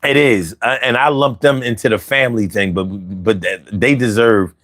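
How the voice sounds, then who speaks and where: A man hosting a casual chat, relaxed and hesitant, reading listener comments. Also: fairly low pitch, normal speed, dry recording, clean studio sound. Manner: relaxed, hesitant, many fillers. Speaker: podcast host.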